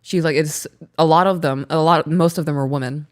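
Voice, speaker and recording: A woman in her thirties, co-hosting a casual chat and telling a story in an animated way, laughing as she talks. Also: deep voice, fairly quick. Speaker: podcast co-host.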